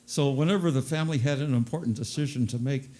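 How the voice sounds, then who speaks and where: An older man working a stand-up set in an ordinary mid-range voice. He mocks himself with easy, unhurried timing and says his punchlines twice. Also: medium pitch, mellow. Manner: self-deprecating, with repeated punchlines. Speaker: stand-up comedian. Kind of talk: stand-up comedy routine.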